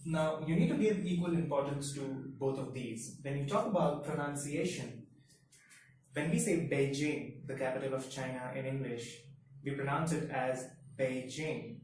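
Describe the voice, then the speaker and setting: A man whose first language is Hindi, teaching a Mandarin lesson in a measured, step-by-step way. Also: mid-range voice, darkish tone. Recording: very echoey room, mic far off, faint hiss.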